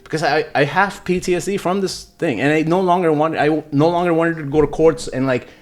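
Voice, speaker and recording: A man's voice: on the high side, a little fast. A man telling his own story as a podcast guest in casual chat, rambling with lots of fillers and swearing. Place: podcast studio.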